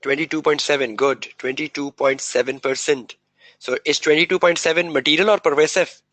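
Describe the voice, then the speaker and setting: A male lecturer runs a revision session, firing quick questions at the class and answering them himself. He repeats key terms over and over to drive them home. His voice sounds dry and close, with little room echo. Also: a little high, fairly even intonation, a bit bright. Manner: drills students with repeated rhetorical questions; repeats key words and phrases for emphasis.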